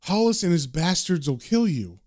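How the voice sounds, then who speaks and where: A man voicing a gentle ghost of a dead husband who speaks softly and tenderly. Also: big pitch swings, normal speed. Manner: soft, low and tender.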